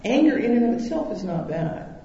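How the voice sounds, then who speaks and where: Speaking briskly in a very high voice, a man delivers a sermon full of animated stories, performing the quoted voices himself. It was recorded in an echoey hall with dull, lo-fi audio.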